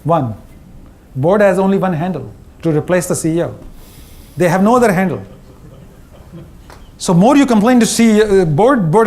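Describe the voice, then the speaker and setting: A middle-aged man with an Indian English accent speaks from a conference stage, his voice sitting noticeably high for a man. His delivery is wry and punchy, and he slips into the voices of the people he describes. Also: animated, moderate pace, pauses often, darkish tone. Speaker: speaker, former CEO. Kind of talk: humorous conference talk.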